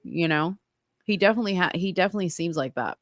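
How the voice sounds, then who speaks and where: A woman's voice: on the low side, animated, fast, dry recording, studio quality. A woman co-hosting a casual talk show, chatty and rambling, agreeing along with her partner. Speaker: podcast co-host. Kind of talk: casual chat.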